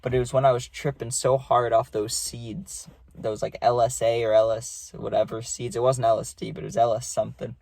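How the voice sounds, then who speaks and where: A man's voice: mid-range voice, little pitch movement, brisk, gravelly, few pauses, a little mellow, no echo. A young man telling a casual storytime with a rambling, profane manner and lots of fillers. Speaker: storytime vlogger.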